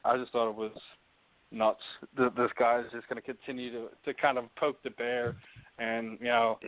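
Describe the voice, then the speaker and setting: A man's voice: medium pitch, little pitch movement, moderate pace. A man hosting a casual interview, rambling with many fillers and laughing easily. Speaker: podcast host. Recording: tinny phone-like line.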